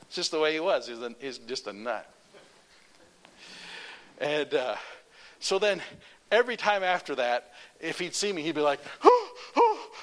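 A male preacher telling a personal story in a sermon, animated, running sentences on with repeated "and". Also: medium pitch.

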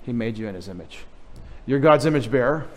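A middle-aged pastor preaching a sermon, teasing and coaxing the children in the congregation. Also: male voice, medium pitch, expressive, fairly quick.

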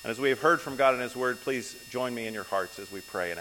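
Male pastor at the pulpit, unhurried, pausing with fillers between phrases; long reverb and faint mains hum. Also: medium pitch, sharp tone. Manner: unhurried, with many ums and uhs between phrases. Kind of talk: sermon. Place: church sanctuary.

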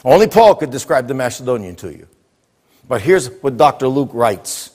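A man's voice: medium pitch, sing-song, moderate pace, pauses often, mellow, breathy edge. A man preaching a sermon to a congregation, drawing call-and-response answers from the room. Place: church with congregation. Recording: echoey hall.

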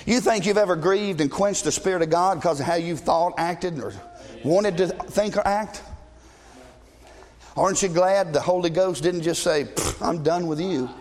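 Middle-aged pastor guy, high pitched, preaches loud and blunt with jokes for the congregation, long church echo. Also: moderate pace. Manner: blunt, joking asides to the congregation; shouting, preaching passionately at times. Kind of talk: sermon. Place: church sanctuary. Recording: long reverb of a large church hall.

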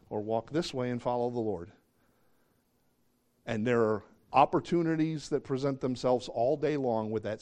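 A middle-aged male pastor preaching a sermon in an animated way, often acting out the voices of the people he quotes. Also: mid-range voice.

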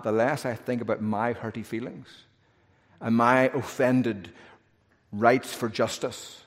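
A male pastor preaching a sermon earnestly, building to emphatic peaks and dropping to a hush in prayer. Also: medium pitch, unhurried. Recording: long reverb of a large hall.

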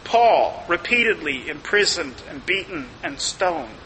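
A man preaching a sermon as pastor, emphatic, slowing down to stress key phrases. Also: on the high side, sing-song, bright, forceful tone, long reverb tail, a little hiss or hum, poor audio.

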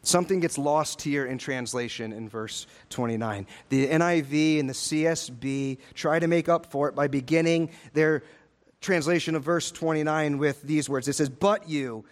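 A male pastor preaching a sermon in a church, emphatic, rising to loud urgent peaks and dropping to low, slow, hushed lines. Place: church sanctuary.

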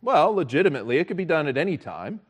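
A man preaching a sermon as pastor, earnest and measured, repeating key phrases for emphasis. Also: a little high, sing-song.

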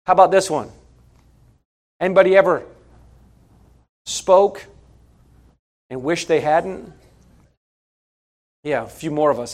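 Folksy male preacher, unusually high-pitched, emphatic sermon delivery. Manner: folksy, emphatic, rhetorical questions.

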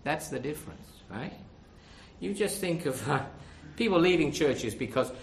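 A man's voice: a little high, lively intonation, fairly quick, reverberant. A man preaching a sermon, earnest and direct, asking his listeners rhetorical questions.

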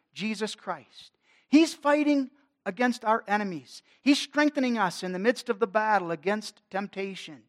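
A man's voice: high-pitched, lively intonation, moderate pace. Man preaching a sermon with rising force. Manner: dynamic preaching, swelling and dropping in force. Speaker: pastor.

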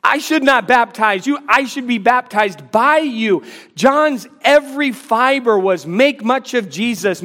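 Guy preaching a sermon, pretty high voice, emphatic and fired up. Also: in a large hall. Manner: emphatic, acts out scripture dialogue. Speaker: pastor.

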